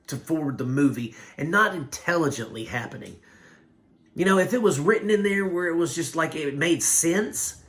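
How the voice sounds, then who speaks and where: A man giving a casual spoken film review, blunt and rambling, with animated complaints. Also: on the high side. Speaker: movie reviewer.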